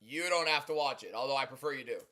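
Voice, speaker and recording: A young man hosting a livestream, talking loudly and chatting casually as he reads and answers viewer comments. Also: medium pitch, fast. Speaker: livestream host.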